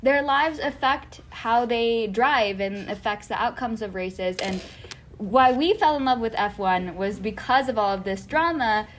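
A young woman with a slightly high voice co-hosts a loose, chatty podcast, playful and quick to giggle. A faint hiss sits under her voice. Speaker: podcast co-host. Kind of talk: casual chat.

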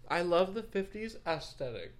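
A woman's voice: on the low side, sing-song, moderate pace. A young woman co-hosting a podcast, chatting in a laid-back, blunt way and swearing casually. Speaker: podcast co-host. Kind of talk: casual chat.

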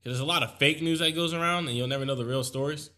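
A man speaks in a bright, forward voice pitched a touch high. He holds forth in casual podcast banter, swearing and stacking emphatic repeats as he argues. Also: very fast. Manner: blunt, emphatic, profane, repeats himself for emphasis. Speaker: podcast co-host. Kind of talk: casual opinionated podcast chat.

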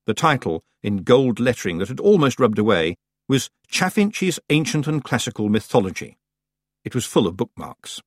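A man narrating a novel as an audiobook, reading in an expressive storytelling manner. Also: lowish voice, normal speed, breathy edge, no echo, clean studio sound. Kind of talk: scripted narration.

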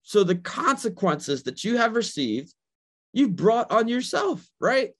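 Żarliwy pastor wygłaszający kazanie, nieco wysoki głos. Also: male voice, high-pitched, very animated, normal speed, fairly bright tone. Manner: preaching with rising intensity, repeating phrases, asking "right?"; paraphrases God in a casual voice. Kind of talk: sermon.

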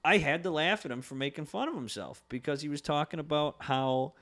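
A man's voice: on the high side, fairly quick. A man co-hosting a podcast in casual chat, telling stories and acting out quotes in goofy voices. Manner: animated storytelling, acts out quotes in funny voices. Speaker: podcast co-host.

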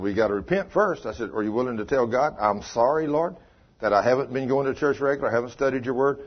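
A man telling a story in a sermon, folksy, going from hushed to loud and excited. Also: lowish voice, husky. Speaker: preacher. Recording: dull muffled sound.

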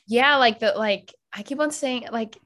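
A woman's voice: a little high, a little slow, fairly bright tone. An American woman hosting a podcast, chatting casually and laughing often. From United States. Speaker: podcast host. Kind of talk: casual chat.

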